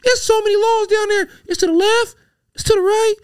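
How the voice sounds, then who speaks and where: A man mimicking his mother as a loud, high-pitched, exasperated woman while telling a story. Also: steady tone, a little fast, dry recording, clean studio sound.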